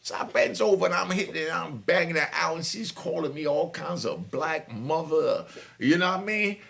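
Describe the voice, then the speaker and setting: Gravelly New man telling street stories. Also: on the high side, animated, moderate pace, fairly bright tone. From New York. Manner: laid-back, full of "you know", chuckles. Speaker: podcast host. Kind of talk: street storytelling monologue.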